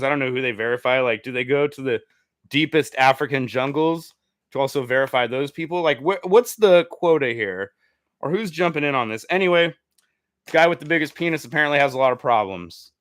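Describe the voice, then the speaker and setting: A man's voice: mid-range voice, clean tone, no echo, studio quality. A man hosting a comedy news show, reading stories aloud and breaking off into crude, swearing asides and giggles. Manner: crude, swearing, giggling asides, animated swings from mutters to exclamations.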